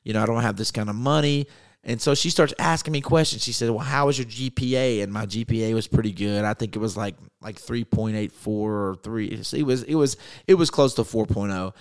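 A man preaching in an earnest storytelling way, often halting and restarting as he recounts a personal story. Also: fairly low pitch, no echo, clean studio sound. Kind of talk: storytelling sermon.

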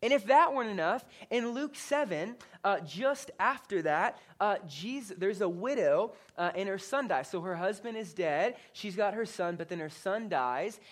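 A man, a pastor, preaching a sermon in a casual, conversational way, telling stories in an animated manner and often checking in with the congregation. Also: high-pitched, moderate pace, few pauses. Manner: conversational, animated storytelling with frequent "like" and "right?".

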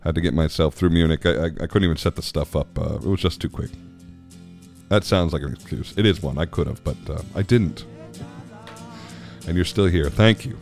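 A man's voice: rumbling low, a little fast, gravelly, a little mellow, soft background music. A man hosting his own podcast, talking casually and rambling with frequent laughs. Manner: chatty, rambling, laughs often. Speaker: podcast host. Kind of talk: casual solo podcast chat.

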